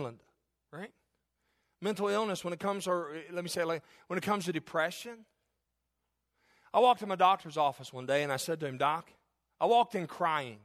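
Middle-aged male pastor, slightly higher voice, chatty sermon with jokes that builds to loud emphatic preaching. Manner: conversational, joking asides, swings to loud emphatic preaching.

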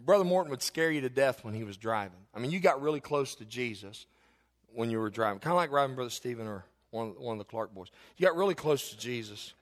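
A man preaching a sermon as a pastor, telling a personal story and building to fervent, shouted exhortation. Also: medium pitch, animated, fast, long reverb tail.

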